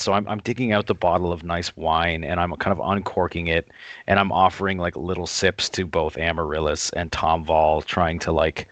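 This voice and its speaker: A man at a tabletop game meanders through his turn, leaning on fillers. His voice is fairly low and the sound is dry and close. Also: fairly bright tone, no room sound. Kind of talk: casual game chat.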